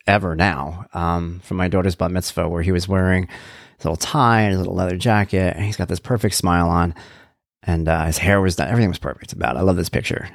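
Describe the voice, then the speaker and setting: A man's voice: fairly low pitch, no echo, studio quality. A man in his forties hosting a podcast, talking in a loose, rambling way with lots of "you know" asides. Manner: chatty, rambling, self-interrupting with "you know". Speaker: podcast host and blogger. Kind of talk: casual personal podcast monologue.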